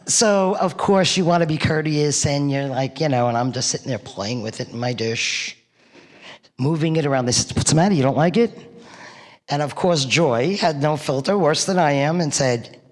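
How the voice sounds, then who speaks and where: A woman's voice: deep voice, moderate pace. A middle-aged woman with a New York accent, giving a eulogy full of funny stories and laughing as she tells them. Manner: chatty storyteller who laughs through her stories. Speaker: eulogy speaker. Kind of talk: eulogy sharing funny memories. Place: church hall. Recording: long reverb of a church hall.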